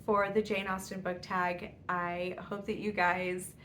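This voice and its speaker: A woman's voice: fairly low pitch, flat delivery, a little slow, bright, forceful tone, a little hiss or hum. A woman vlogger chatting casually about books, rambling and laughing often. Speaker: book vlogger. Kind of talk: casual book tag chat.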